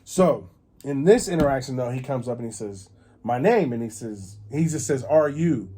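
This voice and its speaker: A man's voice: medium pitch, animated, normal speed, mellow, slight background noise. A man hosting a podcast, telling a rambling story with many fillers and restarts. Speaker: podcast host. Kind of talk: casual storytelling.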